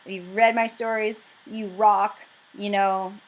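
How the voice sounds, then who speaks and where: A woman's voice: mid-range voice, flat delivery, unhurried, rough recording. A woman with a Canadian accent talking casually to camera about her writing campaign, chatty and rambling with lots of fillers. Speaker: writer pitching her crowdfunding campaign.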